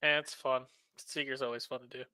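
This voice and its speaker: A man's voice: mid-range voice, level tone, fairly quick, pushed and bright, clean tone, no room sound. A young man playing in a tabletop game, chatting casually and asking hesitant questions. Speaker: player.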